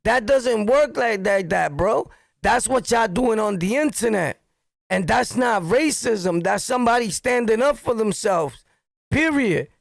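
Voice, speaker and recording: Gravelly high-voiced New York man ranting. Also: unhurried, no echo. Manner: blunt, profane, animated storytelling. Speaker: streamer and commentator. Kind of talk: heated street-talk monologue.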